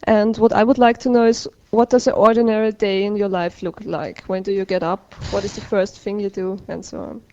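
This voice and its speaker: A woman's voice: mid-range voice, steady tone, a little fast, hardly any pauses, darkish tone. A woman from Australia, a fan eagerly reading out her question with a giggle. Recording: dull lo-fi radio tape.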